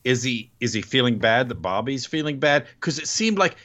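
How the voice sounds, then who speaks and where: Podcast co-host, man, casual chat, expressive pitch, dry humor. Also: moderate pace. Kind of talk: casual wrestling recap chat.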